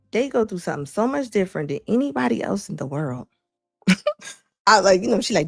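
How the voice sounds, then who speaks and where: A woman's voice: medium pitch, sing-song, a little fast, gravelly, breathy edge, dry recording, faint music behind. A woman host doing casual livestream commentary, chatty and slangy, laughing as she gives her opinions.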